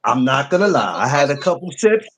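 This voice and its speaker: A man's voice: mid-range voice, very animated, brisk, a little hiss or hum. A man hosting a podcast in casual morning chat, playful and teasing, repeating his phrases. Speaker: podcast host.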